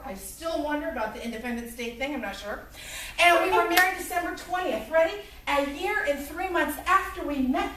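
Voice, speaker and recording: A woman in her forties lecturing to a college class, telling a personal story in an animated way and acting out what people said. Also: high voice, slight background noise. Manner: lively, animated storytelling with acted-out quotes. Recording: echoey room, recorded from far off.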